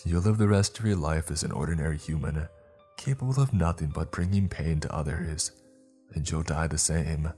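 A man's voice: very deep voice, normal speed, warm tone, faint music behind. A man voicing a frail young male captive who pleads and then taunts his captor, with a raised, strained voice. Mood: taunting. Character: broken, desperate young man prisoner.

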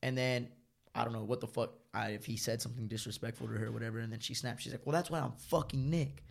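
Young man, fast gravelly delivery, profane rambling storyteller, casual. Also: mid-range voice, flat delivery.

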